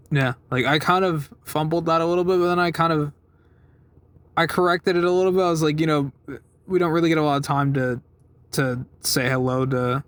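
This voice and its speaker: This slightly high, fairly bright male voice belongs to a young man making a casual phone vlog from his parked car. He wanders from point to point, mocks himself, swears and fills gaps with filler words.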